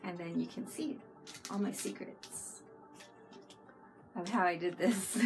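A woman's voice: mid-range voice, animated, slow pace. Giggly woman streamer with music behind. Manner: chatty, giggly, talks to viewers in chat. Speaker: live streamer. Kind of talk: casual live-stream chat.

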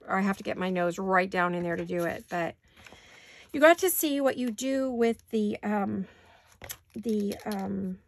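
Woman, gravelly voice, hiccuping, casual crafting chatter, muttering to herself, home studio. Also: mid-range voice, a little hiss or hum. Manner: chatty, talks to herself while working. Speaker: crafting channel host.

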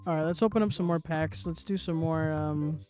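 A man's voice: fairly high pitch, steady tone, a little fast, darkish tone, faint music behind. A man giving playful, joking commentary as he plays a video game, bantering with the customers in the game. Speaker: gaming video creator.

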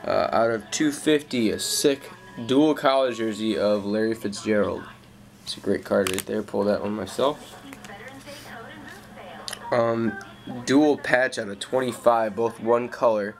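A young man calmly listing off his trading cards in a casual showcase, with slang and frequent fillers. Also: lowish voice, unhurried, soft background music. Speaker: card collector.

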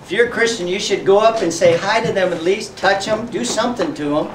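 A man's voice: sits high, brisk, noisy background. A man preaching a sermon as pastor, folksy and joking, often laughing. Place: church sanctuary. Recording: echoey church sanctuary, mic from far off.

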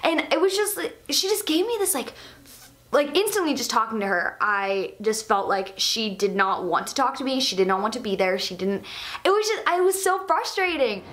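A young woman YouTuber in a casual storytime chat, talking with lots of "like" and retelling events with animated energy. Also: on the high side, moderate pace. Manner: chatty, filler-heavy with constant "like", animated retelling.

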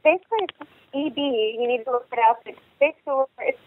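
A woman guest in an interview, telling stories in a chatty, animated way with lots of fillers and acted-out quotes. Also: high-pitched, fast, a little hiss or hum. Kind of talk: casual storytelling in an interview. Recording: phone line.

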